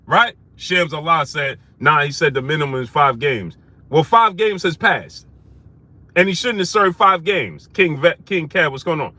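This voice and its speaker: A man's voice: a little high, lively intonation, measured pace, no echo. Heated man hosting a live stream. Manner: shouts out viewers by name, rising to heated outrage; preachy, repeats phrases for emphasis.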